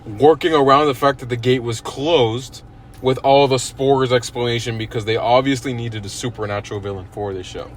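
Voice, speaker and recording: Chatty young man, mid-pitched voice. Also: steady tone, normal speed, slight background noise. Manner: agreeable, chatty, stresses words for emphasis. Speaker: podcast co-host. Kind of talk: casual chat.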